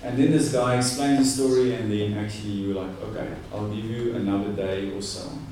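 A man preaching a conversational, animated sermon. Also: fairly low pitch, a little fast, a little hiss or hum. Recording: echoey room, distant mic.

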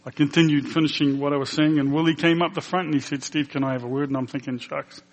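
A man's voice: fairly high pitch, steady tone, quick pace. A man who is a pastor telling a personal testimony in a sermon, emotional and earnest, acting out the dialogue as he tells it. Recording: long hall reverb.

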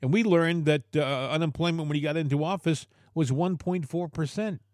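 A man's voice: on the high side, moderate pace, a little mellow, no room sound, clean studio sound. A man co-hosting a political talk show, emphatic and repeating words as he argues.

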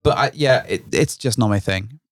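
A man co-hosts a casual podcast, his voice sitting at an ordinary middle pitch. He tells stories in a rambling way, correcting himself and laughing often. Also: normal speed. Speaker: podcast co-host. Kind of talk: casual chat.

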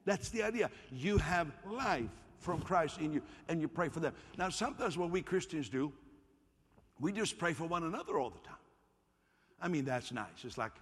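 A man preaching a sermon as a pastor in a church, animated and playful, often calling on the congregation to answer him. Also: fairly high pitch, normal speed, creaky, breathy edge, big-room sound. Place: church hall.

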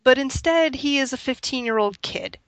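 Woman, casual chat, wry, slightly high voice, dry close sound. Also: lively intonation, normal speed, no room sound. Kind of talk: casual chat about movies.

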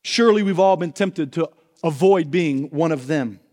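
A man's voice: a little high, moderate pace, darkish tone, in a large hall. A man preaching a sermon as pastor, earnest and asking his listeners pointed questions.

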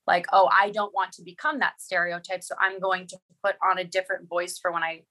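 A woman's voice: lowish voice, little pitch movement, a little fast, bright, forceful tone. A woman from Boston, a guest on a casual podcast, who talks in a rambling way with many filler words.

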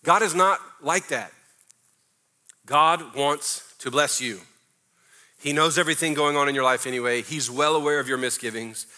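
A middle-aged male pastor preaches with a high, bright voice. He talks to his congregation in an emphatic, conversational way, often tossing in playful mock prayers. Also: normal speed. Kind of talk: sermon.

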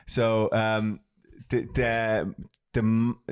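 A man co-hosting a comedy podcast in casual chat, rambling and halting with fillers, laughing easily. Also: fairly low pitch, level tone, clear, resonant tone. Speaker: podcast co-host.

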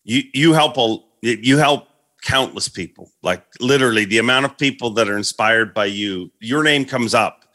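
A man's voice: medium pitch, moderate pace, sharp tone. A man interviewing a guest in a casual, admiring, conversational way. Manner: admiring, conversational, asks "you know what I mean?".

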